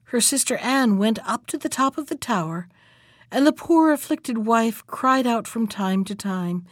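A woman reads a classic fairy tale aloud in a measured, steady narration. Her voice is on the higher side and recorded dry and close, with no room around it. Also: dry recording.

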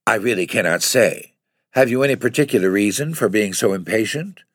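A man's voice: lowish voice, lively intonation, brisk, husky, dry recording, studio quality, pitched above the performer's own voice. A man reading aloud, voicing a haughty, severe woman who runs an employment agency in a storybook. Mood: cold. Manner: crushing, severe, condescending.

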